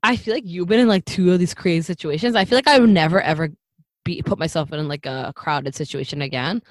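A woman's voice: fairly low pitch, quick pace, dry recording. A young woman reacting in a casual chat, slangy and easygoing.

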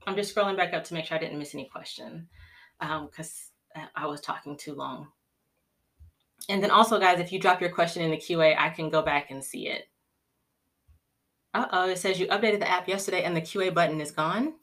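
Woman, 30s, live-stream Q&A host, casual, rambling, emotional, lowish pitch. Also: brisk, fairly bright tone. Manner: chatty, rambling, emotional with laughs. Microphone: phone or computer mic, live stream.

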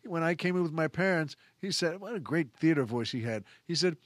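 A man's voice: on the high side, animated, fairly quick, no room sound. A man hosting a podcast, telling a rambling story in casual monologue, with chuckles and restarts. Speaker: podcast host.

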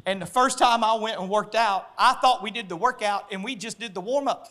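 A man preaching a sermon, telling stories that build to loud, excited, laughing peaks. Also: sits high, fairly quick, few pauses. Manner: storytelling, gets loud and excited, laughs along. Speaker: pastor.

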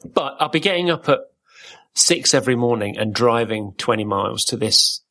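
Man from Wales, husky podcast host, playful and rambling. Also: medium pitch, lively intonation, moderate pace, pushed and bright. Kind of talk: casual chat.

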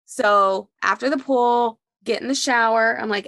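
A young woman tells a personal story in casual talk-show chat, with a gravelly rasp running through her speech. She is animated and jumps into raised voices when quoting people. The sound is dry and close. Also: on the high side, measured pace, no echo. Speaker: podcast co-host.

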